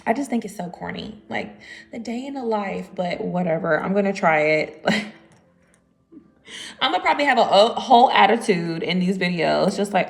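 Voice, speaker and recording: Woman, 30s, American accent, casual vlogger, mid pitch, some vocal fry. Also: animated, measured pace, pauses often. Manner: chatty and rambling, with many fillers. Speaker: vlogger on a live stream. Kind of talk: casual live-stream chat.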